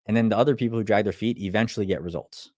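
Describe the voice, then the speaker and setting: Young male coach, low-pitched, blunt and profane, dry close sound. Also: very fast, a little mellow, no echo. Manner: blunt, profane, acts out clients' lines. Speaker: online business coach. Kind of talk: casual livestream talk.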